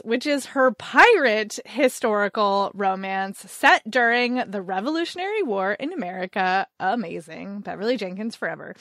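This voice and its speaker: A woman co-hosting a casual book chat, enthusiastic, with quick asides and playful retellings. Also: a little high, a bit bright, no room sound, studio quality. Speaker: podcast co-host.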